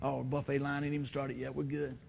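A man preaching a sermon, animated and often laughing as he tells a funny personal story. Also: mid-range voice, brisk, vocal fry. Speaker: preacher and musician.

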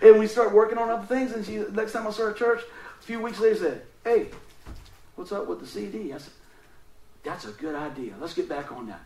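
A man's voice: high voice, a little fast, a little mellow, roomy sound, distant mic, a little hiss or hum, poor audio. A man preaching a casual, folksy sermon, telling stories and laughing often.

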